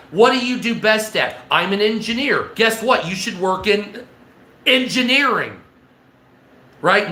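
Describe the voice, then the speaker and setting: A man's voice: sits high, bright, forceful tone, reverberant. A man hosting a livestream, rambling and swearing as he acts out imagined conversations in a casual monologue. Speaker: livestream host.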